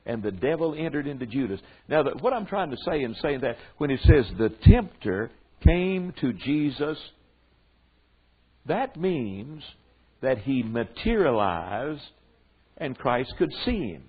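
An older man with a Southern drawl preaches to a room of men, stretching his words slowly for emphasis and dropping homespun asides. His voice is husky and grainy. The sound is thin and narrow, like it came over a phone line. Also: medium pitch, sing-song. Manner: drawn-out emphatic delivery with folksy asides. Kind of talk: sermon teaching to men. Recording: tinny phone-like recording.

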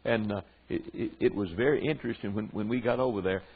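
A man's voice: lowish voice, fast talker, a little hiss or hum. An older man with a Southern US accent preaching a sermon to a group of men, drawing out his words for emphasis and mixing in folksy asides. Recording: tinny phone-like recording.

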